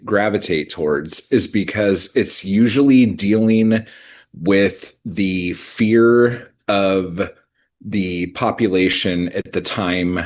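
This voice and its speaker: A man co-hosting a casual podcast, laid-back and teasing. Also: sits low. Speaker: podcast co-host. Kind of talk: casual chat.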